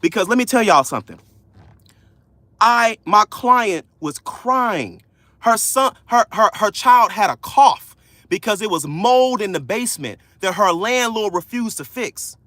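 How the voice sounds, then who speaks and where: A man coaching viewers on a livestream, loud, slangy and preachy, repeating key lines. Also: high voice, expressive, unhurried, no echo. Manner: casual slangy speech. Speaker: credit coach hosting a livestream. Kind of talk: motivational livestream talk.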